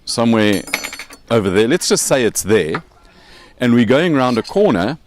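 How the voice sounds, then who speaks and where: A man's voice: medium pitch, big pitch swings, moderate pace, a little hiss or hum. A man with a South African accent hosting a casual show, explaining with props and joking along the way. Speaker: podcast host.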